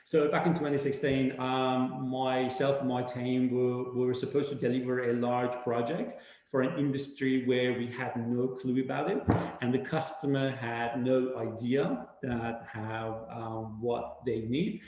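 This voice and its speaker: A man's voice: mid-range voice, measured pace, a little hiss or hum. Echoey, rambling man. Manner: animated, rambling with many fillers and restarts. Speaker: webinar speaker. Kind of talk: casual presentation talk. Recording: very echoey room.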